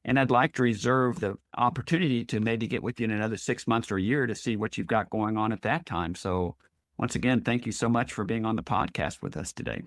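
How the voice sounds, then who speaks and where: Guy hosting a podcast, kinda low voice, earnest and encouraging, dry close sound. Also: a little fast, dry recording. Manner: earnest, encouraging, sums up the guest's points. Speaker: podcast host. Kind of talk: casual interview chat.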